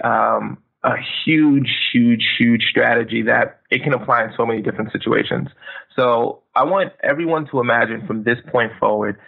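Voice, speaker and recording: Man, gravelly voice, energetic advice giver, phone-quality audio. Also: medium pitch. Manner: energetic, emphatic, acts out phone greetings. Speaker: guest speaker. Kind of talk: podcast interview, motivational advice. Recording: tinny phone line.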